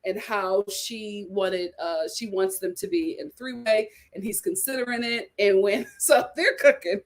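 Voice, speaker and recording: A woman hosting a reality TV recap, talking in a lively, gossipy way with sudden exclamations and laughter. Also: mid-range voice, measured pace. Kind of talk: casual recap chat.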